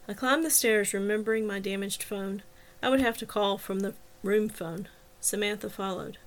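A woman's voice: mid-range voice, moderate pace. A woman author reading her own novel aloud in first person, telling the story steadily. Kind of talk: first-person audiobook narration.

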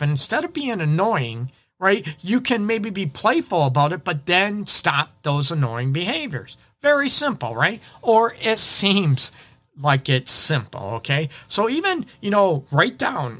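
A man's voice: a little high, bright, forceful tone. A man hosting a relationship advice show, talking casually and often checking in with "right?". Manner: chatty, repeats "right?", acts out little quotes. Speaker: relationship counselor and show host.

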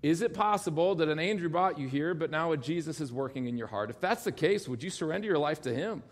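A man's voice: on the high side, animated, fast. A male pastor preaching a sermon, telling a story with quoted dialogue and bursts of laughter.

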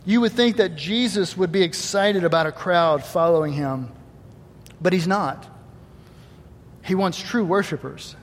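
Guy preaching in a church, kinda high voice, big echoey hall, jumps loud then quiet. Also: unhurried, long pauses, a little hiss or hum. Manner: animated, acts out quoted voices, swings between loud emphasis and quiet asides. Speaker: pastor. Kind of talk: Easter sermon.

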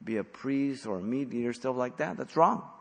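A man preaching an expository sermon as pastor, blunt and emphatic, with sudden loud stresses. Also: mid-range voice, expressive, moderate pace, gravelly, long reverb tail.

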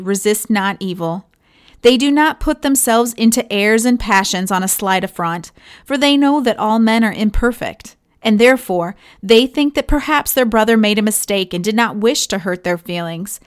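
A woman reading an old sermon aloud as guest host, with measured, earnest delivery of archaic prose. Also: medium pitch.

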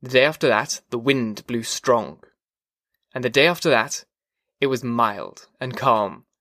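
Reading an audiobook, a man keeps his storytelling calm and even, measured throughout. The recording is studio quality and echo-free, and his pitch is medium.

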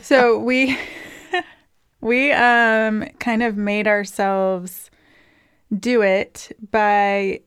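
A young woman co-hosting a podcast in relaxed, chatty conversation, often giggling. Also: mid-range voice, extremely slow, clean tone, no room sound, studio quality. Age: young adult. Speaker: podcast co-host. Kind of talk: casual chat.

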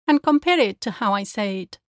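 A woman language teacher giving a pronunciation lesson, speaking clearly and carefully as she demonstrates sounds. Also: medium pitch, lively intonation, fairly quick, dry recording, studio quality.

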